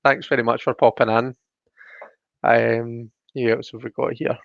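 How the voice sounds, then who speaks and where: A man's voice: medium pitch, little pitch movement, measured pace, creaky, no room sound. A man hosting a casual live stream, chatty as he greets viewers by name and reads the chat aloud. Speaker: livestream host. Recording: dull, dry lo-fi stream audio.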